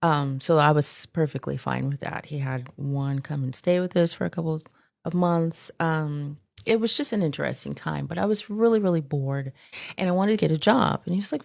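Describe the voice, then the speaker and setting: A woman's voice: low-pitched, normal speed, vocal fry, darkish tone, dry recording, clean studio sound. A middle-aged woman, an interview guest, recounting her past in a conversational, matter-of-fact way with many fillers. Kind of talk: casual interview storytelling.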